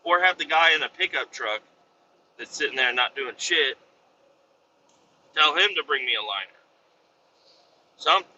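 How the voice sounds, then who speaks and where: A man's voice: a little high, lively intonation, normal speed, long pauses, pushed and bright, highs cut off, slight background noise. A man telling a rambling story about his trucking job, swearing casually and acting out coworkers in a raised voice. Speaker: truck driver. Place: inside a truck cab.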